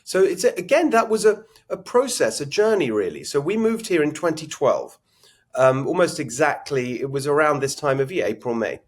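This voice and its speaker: A man's voice: fairly high pitch, expressive, moderate pace. Chatty middle-aged Englishman. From England. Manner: chatty, reflective, with restarts. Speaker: political guest. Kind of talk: conversational interview.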